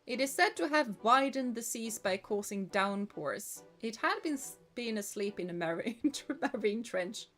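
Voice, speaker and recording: A woman's voice: a little high, expressive, unhurried, hardly any pauses, fairly bright tone, faint music behind. A woman streaming a video game, giving casual, playful commentary, often giggling and reading game text aloud. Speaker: VTuber streamer.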